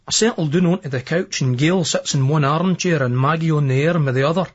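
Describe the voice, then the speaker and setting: A man's voice: fairly high pitch, a little fast. A man with a Scottish accent narrating a novel in the first person, in a brash, crude, swaggering voice. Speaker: audiobook narrator. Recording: dull lo-fi remastered old tape.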